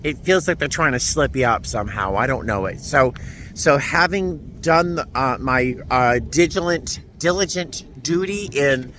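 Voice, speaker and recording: A man films himself from inside a parked car and talks to his viewers. His voice has a bright, forward edge, and he speaks in an emotional, halting way, stopping and restarting his sentences. A faint background hum sits under the recording. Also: mid-range voice, expressive. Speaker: vlogger. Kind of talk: casual vlog to camera.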